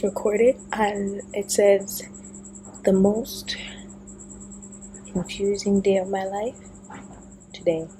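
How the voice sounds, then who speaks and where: A woman talking casually to camera in a personal vlog, rambling and thinking aloud, with soft murmured asides. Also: mid-range voice, flat delivery, slow pace, pauses often, slight background noise, poor audio. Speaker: vlogger.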